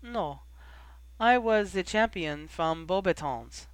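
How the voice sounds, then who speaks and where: A reader voicing a quiet, grieving young woman in a storybook reading, speaking softly. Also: medium pitch, lively intonation, takes it slowly, clean tone, no echo, rough recording. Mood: sad. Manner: soft, quiet delivery. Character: young woman, soft-spoken, grieving and guarded.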